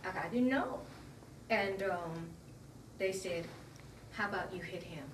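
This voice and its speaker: A woman's voice: on the low side, slight background noise. Earnest woman recounting, distant roomy mic. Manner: earnest, emotional, halting retelling. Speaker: interviewee. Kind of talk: personal account in an interview.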